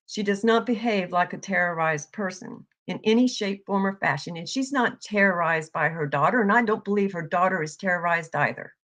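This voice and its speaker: A woman giving a heated, profane commentary rant, yelling at times. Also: mid-range voice. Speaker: online commentator.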